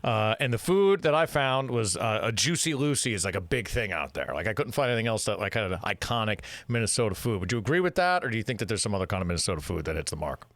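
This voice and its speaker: A man's voice: on the low side, big pitch swings, fast, few pauses, a bit bright, dry recording. A man from New Jersey hosting a show, chatting casually on a phone call, rambling and laughing easily. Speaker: host.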